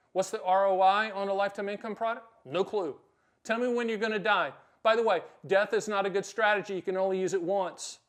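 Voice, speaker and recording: A middle-aged man hosting a direct-to-camera explainer, blunt and emphatic with sudden loud bursts. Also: high-pitched. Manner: acts out short quoted exchanges. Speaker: host.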